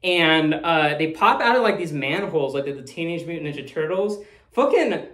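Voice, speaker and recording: A man's voice: on the high side, lively intonation, normal speed, a bit bright. A man talking casually as the host of a movie review, rambling, swearing freely and laughing often. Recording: roomy echo.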